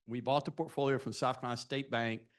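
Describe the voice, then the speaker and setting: A fast-talking man in his sixties with a medium-pitched voice and fairly even intonation addresses students at a live event. His storytelling is anecdotal and self-deprecating, centered on his career, and he questions the audience directly.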